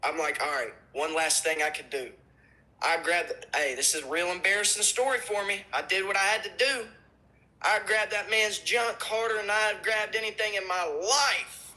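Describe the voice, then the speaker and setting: A man's voice: sits high, normal speed, bright, forceful tone, low-quality recording. A man telling an embarrassing story on himself in casual chat, with a joking, self-mocking manner.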